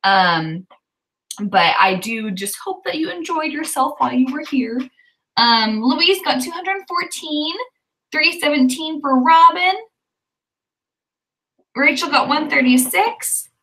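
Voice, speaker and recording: High bright woman, chirpy livestream host, casual chat, cheers on viewers, a bit far from the mic. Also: expressive, slow, pauses often. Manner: upbeat, cheers viewers on and reads out their comments. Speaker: livestream host of writing sprints.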